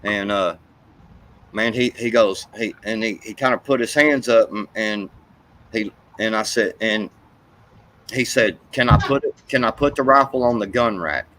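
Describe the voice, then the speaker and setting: A man's voice: on the low side, normal speed, a bit bright, rough recording. A man telling a heated, profane, rambling story in casual chat.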